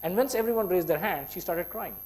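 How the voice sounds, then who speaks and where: A man's voice: high-pitched, lively intonation, fairly quick, a little mellow, low-quality recording. A middle-aged man with an Indian English accent, a workshop trainer animatedly retelling a classroom story and voicing the people in it. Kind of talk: storytelling to an audience.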